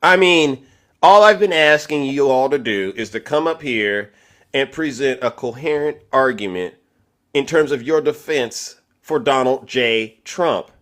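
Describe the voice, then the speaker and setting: A man hosting a live online debate stream, teasing his guest theatrically and swinging from loud outbursts to hushed asides. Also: medium pitch, lively intonation, measured pace. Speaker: livestream debate host. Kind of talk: animated mocking commentary.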